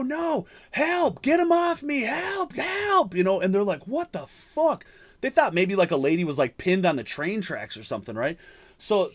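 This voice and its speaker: Man, podcast host, casual storytelling, heavy swearing, rambling, mid-pitched voice. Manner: profane, rambling, lots of fillers and restarts.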